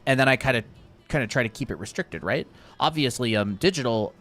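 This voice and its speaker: A man teaching art on a casual live stream, relaxed and chatty, with fillers and asides to his viewers. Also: mid-range voice, a little fast, faint music behind. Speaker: art instructor.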